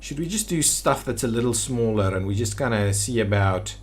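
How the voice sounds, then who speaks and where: A man with a medium-pitched, lively voice talks fairly quickly while playing a city-building game. He's a city-builder video creator thinking aloud as he builds, often stopping and restarting hesitantly.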